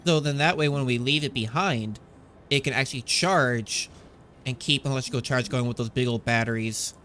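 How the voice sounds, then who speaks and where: A man's voice: medium pitch, normal speed, a bit bright, a little hiss or hum. Chatty man rambling over gameplay. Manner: chatty, rambling, self-correcting. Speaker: gaming channel host. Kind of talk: casual gameplay commentary. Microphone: desktop microphone.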